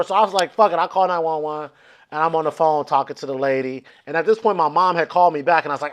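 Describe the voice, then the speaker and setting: A man with a high-pitched voice spins a long comic story in a casual chat. He acts out every quote with lively voices and swears freely as he goes. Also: fast talker. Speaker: comedian guest. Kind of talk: storytelling on a comedy podcast.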